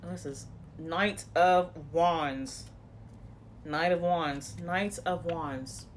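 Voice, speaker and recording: Speaking extremely slowly in a lowish voice, a tarot reader offers a casual, blunt and profane reading in a coaching tone. There's slight background noise, and her talk rambles with restarts and frequent "you know"s.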